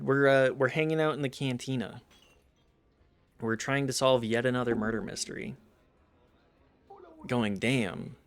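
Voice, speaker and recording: A man streaming a game, chatting casually with a rambling, self-deprecating manner and vocal fry. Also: mid-range voice. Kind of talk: casual gaming chat.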